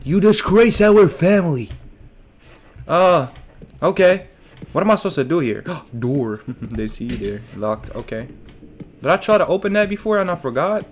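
This streamer's voice sits a little high and sounds very animated, moving at a moderate pace. Narrating his gameplay casually, he cracks jokes to himself and his viewers, letting out yelps at the scares.

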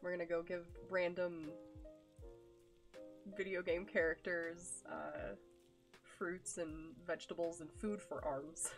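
A woman's voice: on the low side, level tone, unhurried, soft background music. A young woman streaming live, chatting casually with her viewers in a gushing, affectionate way, full of ums and likes.

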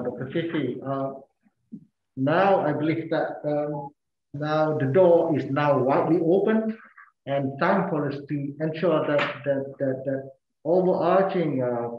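A man's voice: a little high, slight background noise. A man moderating a webinar over a video call, polite, often repeating words as he restarts. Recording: echoey muffled call audio.

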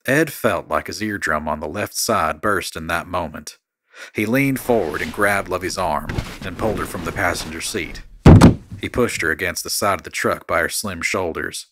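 A man reading a dark horror story in a steady, measured narrating voice. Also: deep voice, noisy background.

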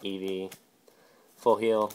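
A man's voice: on the low side, level tone, darkish tone, slight background noise. Offhand young man listing trading cards. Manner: reads card names off one by one in quick offhand bursts. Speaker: video host. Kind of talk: casual card-opening chat.

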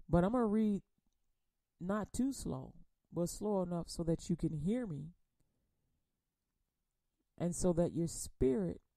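A woman teaching a Bible study in a conversational preaching manner, repeating words and using folksy phrasing, then reading scripture slowly and with emphasis. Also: lowish voice, warm tone, no echo. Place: radio program.

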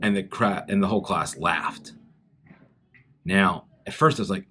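A man with a Southern US accent, from South Carolina, giving a chapel talk to schoolchildren and telling a story in an animated way straight to the kids. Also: deep voice, measured pace, slight background noise. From South Carolina, USA. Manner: animated storytelling, speaks directly to children.

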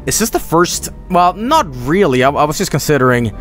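A man's voice: on the high side, sing-song, brisk, fairly bright tone, faint music behind. A young man giving casual live gameplay commentary, rambling and full of fillers. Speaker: streamer.

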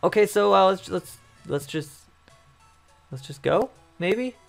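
Hoarse man rambling over gameplay. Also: high voice, lively intonation, measured pace, soft background music. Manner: rambling, thinks aloud, repeats words. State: losing his voice. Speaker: let's play host. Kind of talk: casual gameplay commentary.

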